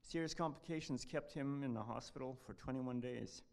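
A man giving a devotional talk at church, reading a passage aloud in an earnest, halting way. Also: mid-range voice, gravelly, a little mellow.

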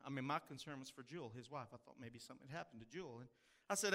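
Rapid-fire and pushed, his bright medium-pitched voice carries a Texan accent from the hill country. As pastor, he tells his sermon through folksy stories, drawling phrases along the way.

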